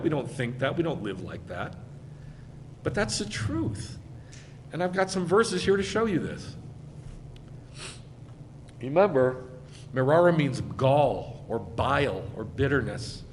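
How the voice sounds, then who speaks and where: A male rabbi giving a sermon in an American accent, conversational and emphatic, swinging between loud and quiet. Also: on the high side, in a large hall, slight background noise. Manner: emphatic, conversational preaching with wide swings in loudness. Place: congregation hall.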